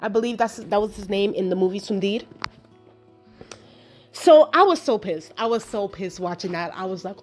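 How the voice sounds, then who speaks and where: A woman giving a casual, chatty film review, animated and exasperated as she retells the plot with lots of asides and laughter. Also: medium pitch, moderate pace, soft background music. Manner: exasperated storytelling, acting out her own reactions.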